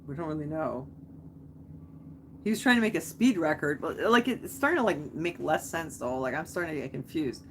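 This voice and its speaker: A young woman chats on a live stream in a lowish voice, rambling and wandering off on tangents. She keeps reacting to viewers' comments as she goes. A faint ambient hum sits behind her. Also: animated, moderate pace. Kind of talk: casual live-stream chat.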